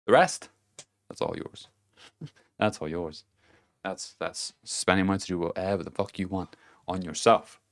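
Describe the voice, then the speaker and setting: Blunt, swearing man with a low voice. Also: normal speed. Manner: blunt, swearing, laughing to himself; swings between loud emphasis and low murmurs. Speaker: vlogger. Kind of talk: casual self-help monologue.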